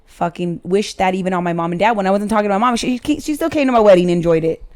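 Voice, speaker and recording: A woman's voice: mid-range voice, very fast, darkish tone. A woman in her forties, a podcast guest, telling a personal story in blunt, emotional, heavily sworn casual chat.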